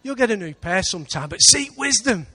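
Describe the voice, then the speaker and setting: A man with an English accent preaching a sermon in church, lively, with big swings between loud and quiet. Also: high voice, a little fast. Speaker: pastor.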